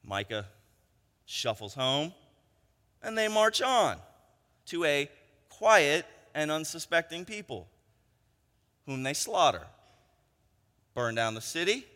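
Guy preaching, chatty storyteller, keeps asking right?, bright high voice, echoey hall. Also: very animated, takes it slowly, long pauses. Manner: conversational storytelling, frequent tag questions. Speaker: pastor. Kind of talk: sermon. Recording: long hall reverb.

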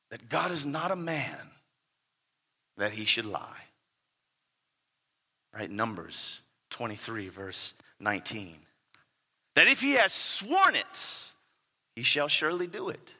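A man preaching a sermon in an animated way, with stammering restarts and rhetorical questions. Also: on the high side, slow pace, long pauses, big-room sound.

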